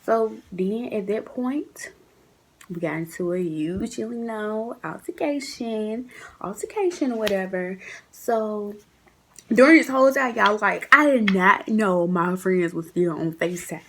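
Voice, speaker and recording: A young woman telling a story in a casual vlog, chatty and animated, acting out what people said. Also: medium pitch, unhurried, slight background noise. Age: young adult. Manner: chatty, animated, acts out quotes in shifting voices.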